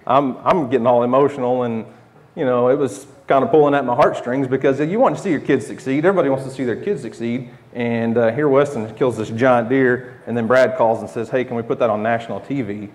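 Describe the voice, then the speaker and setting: A man's voice: medium pitch, fairly quick, a little mellow. A man in his thirties with an Oklahoma accent, telling a casual, rambling story to the camera with restarts and chuckles. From United States. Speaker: homesteading channel host.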